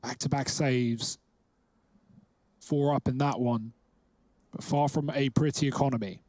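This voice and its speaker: A man calling live esports play-by-play, quick and chatty as he breaks down tactics. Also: medium pitch, steady tone, a little mellow, no echo. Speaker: esports caster.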